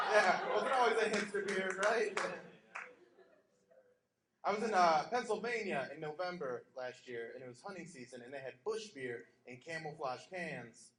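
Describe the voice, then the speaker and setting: A man with a fairly high voice performs stand-up on a small stage, telling jokes drily and dropping into mock voices. The sound is roomy and echoey, with clear noise underneath. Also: moderate pace, fairly bright tone. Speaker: stand-up comic. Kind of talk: stand-up comedy set. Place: small theater stage, live audience.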